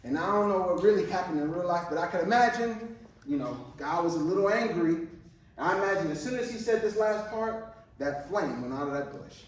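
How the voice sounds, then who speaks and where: A man's voice: high-pitched, lively intonation, fairly quick. A man preaching as a junior pastor in a conversational, slangy way, often repeating his words. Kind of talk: sermon. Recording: echoey room from far off.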